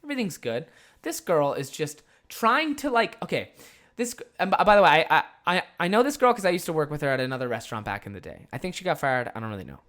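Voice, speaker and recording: A man's voice: a little high, sing-song, fast talker, fairly bright tone. A young man hosting a podcast, telling a rambling, profane story in a casual way. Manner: profane, rambling, lots of filler words. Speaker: podcast host.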